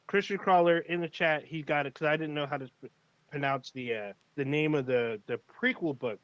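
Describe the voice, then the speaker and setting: A man's voice: a little high, a little fast, fairly bright tone, dull audio. A man co-hosting a casual livestream chat, talking in a laid-back, rambling way with plenty of swearing and fillers. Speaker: podcast co-host.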